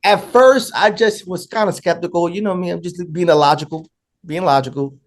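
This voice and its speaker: A man's voice: sits high, fairly quick. A man hosting an interview, reacting expressively and laughing often. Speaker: podcast host. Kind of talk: casual interview conversation.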